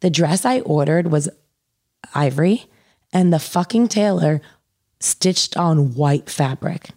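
A young woman with a notably low voice tells a long personal story. She fills nearly every phrase with "like" and swears offhandedly, as casual podcast chat. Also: animated, slow pace, mellow. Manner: says "like" constantly, swears casually.

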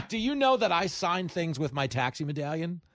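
A man's voice: on the high side, normal speed, a crowd in the background. A man hosting a radio talk show in a studio, joking around and laughing often with his guests. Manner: jokey, animated, laughs often. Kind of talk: casual radio banter. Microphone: studio mic.

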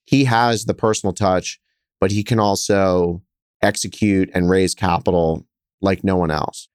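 Man, thirties, hotel investor, lively storyteller, lowish voice, dry close mic. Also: clear, resonant tone, dry recording. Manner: animated, quick storyteller who gets louder acting out scenes. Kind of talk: conversational interview storytelling.

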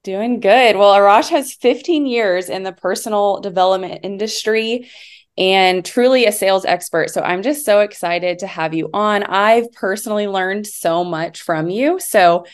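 Female co-host, mid-pitched voice, eager and welcoming when introducing a guest. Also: moderate pace, clear, resonant tone. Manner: enthusiastic, welcoming. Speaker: podcast co-host. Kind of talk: upbeat interview hosting.

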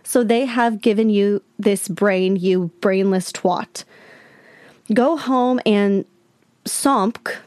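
A woman reading aloud the messages of a rude, abusive male scam guest, slowly and a bit higher than her usual voice. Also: a little mellow, no room sound, clean studio sound. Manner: slow, slightly raised reading of quoted messages.

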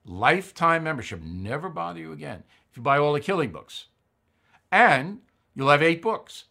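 A man's voice: on the high side, big pitch swings, moderate pace, creaky, sharp tone. An older man hosting a commentary show, blunt and opinionated, reading ads and giving his views with emphatic repetition.

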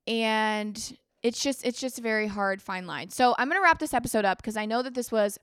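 A woman's voice: fairly high pitch, a little fast, a bit bright, clean tone, dry recording, clean studio sound. A woman hosting a podcast, talking earnestly in a rambling personal monologue, full of "like" and restarts. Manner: earnest, rambling, heavy use of "like". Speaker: podcast host.

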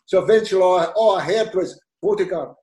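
Scottish man, lively anecdote teller, slightly high voice, roomy echo. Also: fast talker. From Scotland. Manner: animated storyteller, acts out quoted dialogue, laughs often. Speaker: podcast guest, former footballer. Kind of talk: casual anecdote telling.

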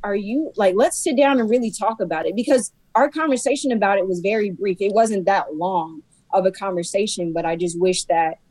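A young woman speaks as a guest in an easygoing conversation, rambling with lots of filler words as she opens up sincerely. Her voice sits at a middling pitch and sounds dry and close. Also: brisk, few pauses, darkish tone, dry recording, rough recording. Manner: rambling, heartfelt, many filler likes. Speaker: guest, host's sister. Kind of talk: casual chat.

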